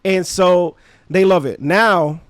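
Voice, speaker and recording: A man, casually telling a story on his podcast in an animated, slangy way. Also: high voice, slow pace, no room sound. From Brooklyn, New York. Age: 30s. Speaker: podcast host.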